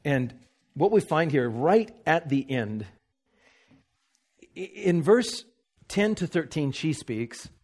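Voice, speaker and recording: A man preaching a sermon, earnest, moving between slow, soft emphasis and quick asides. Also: fairly high pitch.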